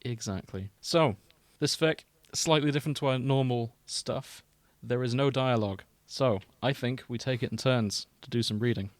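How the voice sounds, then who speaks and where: A man hosting a comedy podcast in a light, joking manner, his voice sitting at an ordinary pitch. The sound is close and dry, with no room around it. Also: normal speed, hardly any pauses, no room sound. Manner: jokey, leads the reading. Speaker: podcast host. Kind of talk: casual comedic chat.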